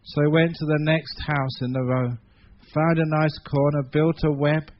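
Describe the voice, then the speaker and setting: A monk with an English accent tells a story in a sermon, with a fairly high voice. He is animated, swinging from hushed to loud. The recording is dull and lo-fi with faint hiss. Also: moderate pace. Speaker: monk giving a Dhamma talk. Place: meeting hall.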